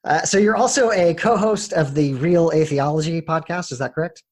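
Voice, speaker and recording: A man hosting a podcast, talking in an earnest, measured way with frequent filler words. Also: a little high. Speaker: podcast host. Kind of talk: podcast introduction and interview.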